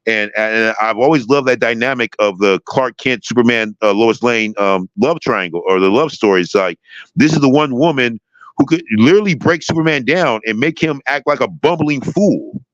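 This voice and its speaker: A man's voice: medium pitch, moderate pace, fairly bright tone, no room sound. A man hosting a casual chat, talking with enthusiasm and rambling, with many restarts, over a slightly dull lo-fi mic. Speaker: show host. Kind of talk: casual chat about a TV show.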